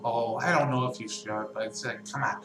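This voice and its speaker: A man narrating as game master of a tabletop game, lively and quick to laugh, shouting in big moments. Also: mid-range voice, echoey room, music in the background, low-quality recording.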